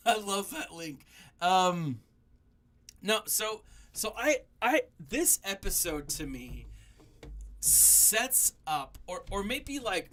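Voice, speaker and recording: Bright, upbeat young man hosting. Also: high voice. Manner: animated, laughing, many fillers. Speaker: podcast host. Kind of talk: casual review chat.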